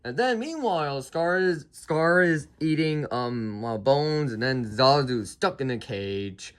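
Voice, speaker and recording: A man's voice: medium pitch, expressive, slow pace. A man retelling a movie's plot in a casual review, rambling and chaining "and then", often restarting and apologizing.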